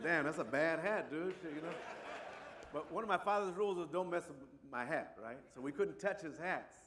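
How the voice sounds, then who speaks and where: This Compton, California man speaks with a Chicano English accent in a fairly high voice, with slight background noise. He tells a personal story warmly and ramblingly, full of asides like "you know" and "right."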